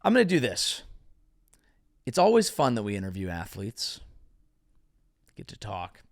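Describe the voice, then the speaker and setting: A man hosting a comedy show, delivering a sarcastic, ranting monologue that swings from loud outbursts to mumbled asides. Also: on the low side, huge pitch swings, measured pace. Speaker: comedian host. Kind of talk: stand-up style comedic monologue.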